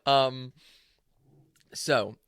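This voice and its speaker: A man hosts a podcast in a loose, casual chat, playful and quick to poke fun at himself and his guest. His voice sits at a middling pitch for a man. The recording is dry, close and free of room sound. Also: fairly bright tone, clean tone, no room sound. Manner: playful, self-mocking, teasing. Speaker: podcast host.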